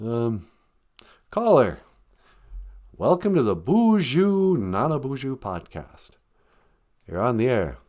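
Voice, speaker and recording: Slow, joking male podcast host. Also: medium pitch, big pitch swings, darkish tone. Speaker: podcast host teaching language words. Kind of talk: comedic podcast chat.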